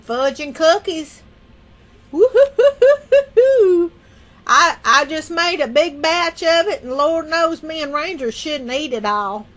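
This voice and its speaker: A woman hosts a relaxed livestream from home. Her voice sits high, and she talks in an unhurried, rambling, folksy way. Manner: rambling, folksy, laughs often. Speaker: livestream host. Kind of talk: casual livestream chat.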